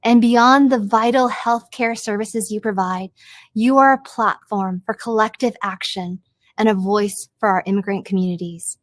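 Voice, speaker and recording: A woman's voice: mid-range voice, fairly even intonation, moderate pace, no room sound. A woman executive giving a recorded, scripted message of thanks. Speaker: company executive.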